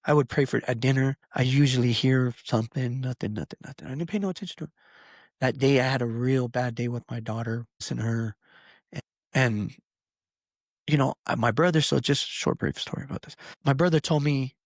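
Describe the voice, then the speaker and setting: A man's voice: mid-range voice, fairly quick, no echo. Guy on a podcast rambling earnestly, lots of "you know", dry close mic. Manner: rambling, earnest, many fillers and restarts. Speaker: podcast co-host. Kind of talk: casual podcast chat.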